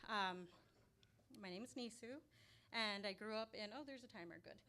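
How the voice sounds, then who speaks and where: A woman from Albuquerque telling a true story on stage in a small restaurant, lively and laughing often. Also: medium pitch, moderate pace. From Albuquerque, New Mexico. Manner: lively, laughing often, loud acted outbursts. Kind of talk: live personal storytelling. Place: small restaurant venue, live audience. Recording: live room with faint background noise.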